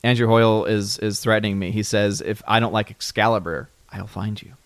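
A man's voice: on the low side, steady tone, fairly quick, clean tone, no echo. Hesitant man chatting casually, dry sound. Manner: hesitant, many restarts and fillers. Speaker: podcast co-host reading chat. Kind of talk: casual chat.

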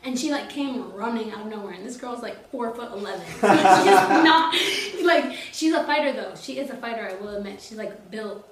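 A woman's voice: medium pitch, normal speed, few pauses, crowd noise. A young woman chatting casually as a podcast guest, telling a story full of "like" and acting out what people said. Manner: animated, full of "like", acts out quotes.

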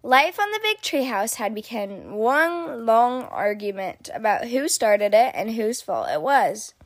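A woman reading a children's picture book aloud in an expressive, sing-song storytelling manner. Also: fairly high pitch, unhurried, dry recording, clean studio sound. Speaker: storybook reader.

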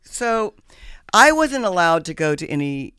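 A woman hosting a casual chat, telling a story in an animated, dramatic way and swearing freely. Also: lowish voice, measured pace.

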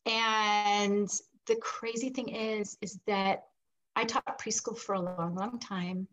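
Speaking slowly in a mid-range voice over poor audio, a middle-aged woman shares a personal story as an interview guest. She's animated, voices the people she quotes, and laughs between lines.

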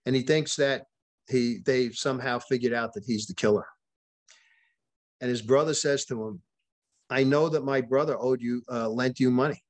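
A man's voice: mid-range voice, moderate pace, long pauses. Man retelling a story with many restarts. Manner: frequent restarts and repeated words; retells events with quoted dialogue. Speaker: podcast guest, author. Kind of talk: conversational storytelling in an interview.

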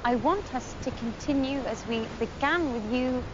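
Actress doing a proud young royal lady, earnest and a bit high, muffled tv clip with noise behind. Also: normal speed, lightly acted. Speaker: princess in a fantasy drama.

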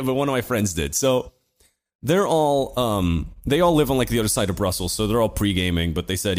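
A man's voice: mid-range voice, expressive, fairly quick. A young man, a podcast co-host, telling rambling stories in casual chat, full of fillers and swearing.

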